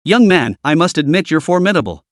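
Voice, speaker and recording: A man's voice: fairly high pitch, big pitch swings, fairly quick, dry recording, clean studio sound. A man voicing an arrogant, boastful young contender who taunts his rival.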